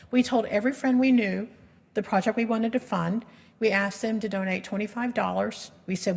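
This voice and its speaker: A woman's voice: mid-range voice, fairly even intonation, a little fast, creaky. Earnest woman advocate in a reverberant hall. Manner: earnest, emotional storytelling with restarts. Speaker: patient advocate giving a presentation. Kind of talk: personal storytelling presentation. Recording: long reverb of a lecture hall.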